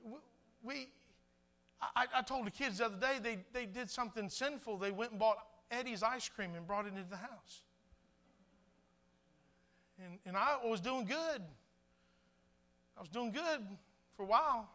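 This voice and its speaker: A man's voice: high-pitched, moderate pace, long pauses, pushed and bright. A middle-aged man preaching a sermon as pastor, chatty and stammering through restarts, slipping into little acted asides.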